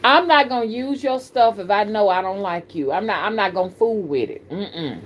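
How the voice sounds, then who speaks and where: Southern woman host, middle-aged, folksy and animated, talks straight to her audience. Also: mid-range voice, normal speed, a little hiss or hum. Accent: Southern American. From American South. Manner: folksy, animated, addresses viewers as y'all. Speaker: spiritual reader and channel host. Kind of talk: casual live-stream talk.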